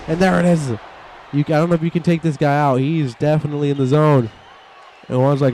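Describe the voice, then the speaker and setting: A man giving excitable play-by-play commentary over a wrestling video game and voicing the wrestlers' thoughts in quick asides. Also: a little high, a little hiss or hum. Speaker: gameplay commentator.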